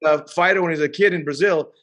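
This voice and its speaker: A man's voice: fairly high pitch, fast, fairly bright tone. A man talking with enthusiasm in casual chat, rambling with fillers.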